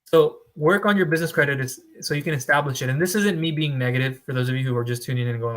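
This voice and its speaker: Bright-voiced blunt male funding broker. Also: medium pitch, rapid-fire, few pauses. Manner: blunt, lecturing tough-love delivery with rhetorical questions. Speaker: small business funding broker. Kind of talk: direct-to-camera advice talk.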